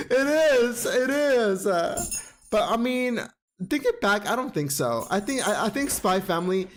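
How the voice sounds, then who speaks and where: Vlog host, man, high bouncy voice, profane, gushing episode recap. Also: very animated, moderate pace, slight background noise. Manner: calls listener "girl" often. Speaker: anime recap vlogger.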